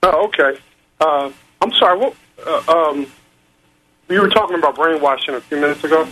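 Husky-voiced male radio caller. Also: fairly high pitch, bright, forceful tone, rough recording. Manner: hesitant, polite, halting. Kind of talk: phone-in call.

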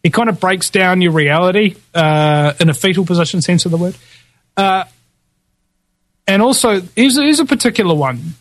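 Male podcast host, loose and chatty, full of ums and restarts, raised pitch, dead-dry booth sound. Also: animated, moderate pace, no echo. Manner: rambling, many fillers and restarts; laughs often, jokey asides. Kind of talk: casual rundown of past guests.

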